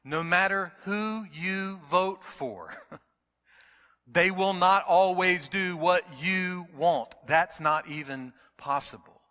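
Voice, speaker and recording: A middle-aged man preaching a sermon as pastor. He is emphatic, repeats key words, and moves between quiet storytelling and loud preaching. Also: sits high, takes it slowly. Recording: long hall reverb.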